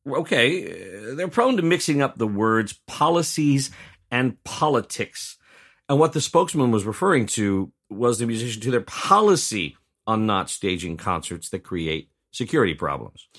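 A man's voice: mid-range voice, sing-song, normal speed, a bit bright, breathy edge. A middle-aged man from Tennessee, co-hosting a news podcast with joking asides. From Tennessee, USA. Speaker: podcast co-host.

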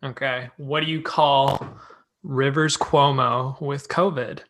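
Bright-voiced man hosting a skate chat. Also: mid-range voice, slow pace. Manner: relaxed, jokey, reads from notes. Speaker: podcast host. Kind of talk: casual chat reviewing a skate video.

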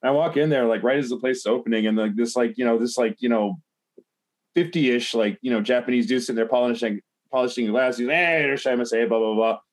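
A man's voice: mid-range voice, quick pace. A man telling a long personal story in casual podcast chat, rambling with lots of fillers and swearing.

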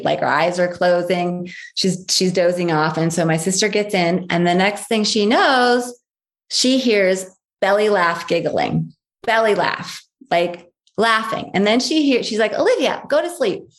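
A woman recounting a family story as an interview guest. She leans on repetition for emphasis and slips into others' voices when she quotes them. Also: medium pitch. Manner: emphatic, repeats key phrases. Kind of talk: personal storytelling.

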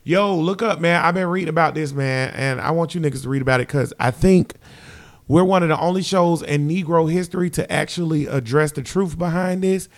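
A man co-hosting a casual podcast, talking loud and laughing a lot. His voice sits a bit higher than most men's. He jumps in over the others in easy banter. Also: brisk. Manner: loud, joking, laughs often. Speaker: podcast co-host.

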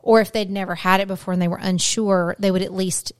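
A woman's voice: mid-range voice, steady tone, fast talker, clear, resonant tone, dry recording, studio quality. A middle-aged woman, chatting casually as a podcast co-host and telling family stories. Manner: storytelling, chatty, drops to near-whisper asides. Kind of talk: casual chat.

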